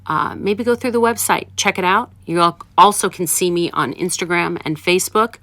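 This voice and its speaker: A woman hosts an advice show in a lowish voice, coaching listeners with emphatic repetition. Her sound is dry and close, with no room around it. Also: moderate pace, dry recording. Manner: warm, emphatic, coaching tone with repeated urgings. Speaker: podcast host and relationship advisor. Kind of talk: casual advice talk.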